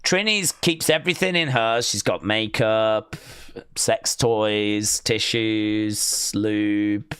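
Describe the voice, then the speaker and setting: A man's voice: lowish voice, slow pace, a bit bright, clear, resonant tone, no echo, studio quality. British man bantering with stream chat. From Britain. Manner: bantering, teasing, mock-outraged asides. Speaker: live stream host. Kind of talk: casual watch-along chat reading viewer comments.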